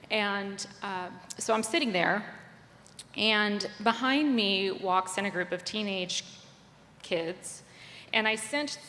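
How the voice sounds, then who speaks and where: A woman, a church member, sharing a personal testimony in an earnest, halting way with many fillers. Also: medium pitch, fairly bright tone. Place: church sanctuary. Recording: long reverb of a church hall.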